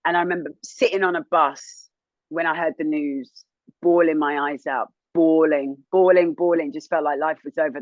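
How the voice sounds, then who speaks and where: A woman in her thirties, a TV presenter, telling her own story as an interview guest in a candid, animated way, rising high when indignant. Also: normal speed, no echo, dull audio. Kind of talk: emotional personal testimony.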